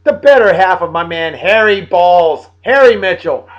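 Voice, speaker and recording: A man in his late thirties from Massachusetts, hosting a casual video blog and giving playful, hearty birthday shout-outs to friends. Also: high voice, lively intonation, a little fast, dull audio. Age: late 30s.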